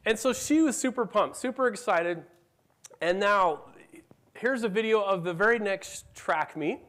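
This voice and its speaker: A man's voice: high voice, moderate pace, a bit bright, smooth. A middle-aged man giving a conference talk, telling a story about his family and acting out their dialogue. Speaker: conference speaker. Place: conference room.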